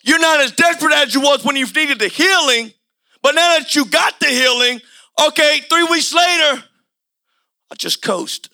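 A male preacher delivering a sermon in loose, everyday speech, circling back over his phrases and often building to a shout. His voice is high and sharply bright. A gravelly edge runs through it. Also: moderate pace. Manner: impassioned, colloquial, repetitive, often shouting.

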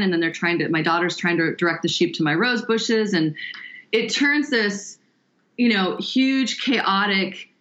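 A woman guest in an interview, telling a story in a lively way and drawing out words for emphasis. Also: medium pitch, highs cut off. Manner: animated, draws out words for emphasis. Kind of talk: conversational storytelling.

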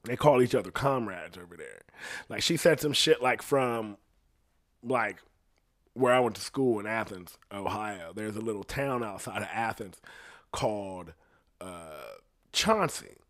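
A man telling a story in a casual, animated monologue, swearing freely and putting on voices for the people he quotes. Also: on the low side, measured pace. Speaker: singer recounting a story.

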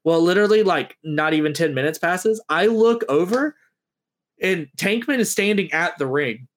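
Man, podcast guest, casual chat, animated storyteller, somewhat high-pitched. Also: moderate pace. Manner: animated storyteller, acting out quotes.

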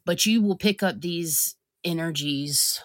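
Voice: mid-range voice, slow, no room sound, clean studio sound. A podcast co-host and spiritual practitioner explaining earnestly, often restarting sentences. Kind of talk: casual podcast discussion.

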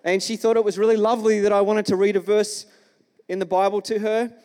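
Male pastor, high voice, storytelling sermon, long church-hall reverb. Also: level tone, brisk, warm tone. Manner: storytelling, engages the congregation with questions.

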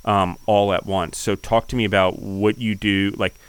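A man's voice: on the low side, flat delivery, normal speed, clear, resonant tone, rough recording. A man hosting a podcast interview, asking questions and reflecting earnestly. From United States. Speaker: podcast host.

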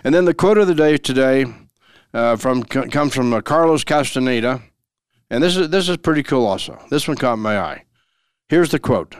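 Guy hosting a law podcast, smooth clear voice, dry close sound, folksy and repeats stuff. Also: mid-range voice, fairly quick, no echo. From Denver, Colorado. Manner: folksy, repeats key phrases for emphasis. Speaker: podcast host and lawyer. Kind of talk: legal explainer podcast.

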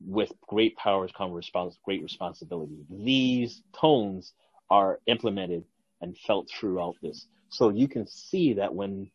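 A man's voice: low-pitched, a little slow, slightly rough, dry recording. A man co-hosting a podcast, chatting in an agreeable, reflective way. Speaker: podcast co-host. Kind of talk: casual chat. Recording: dull, dry recording.

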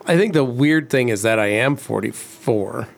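A man's voice: mid-range voice, expressive, moderate pace, creaky. A man in his forties, co-hosting a casual livestream chat and telling rambling stories. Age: 40s. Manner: storytelling, rambling. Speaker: co-host.

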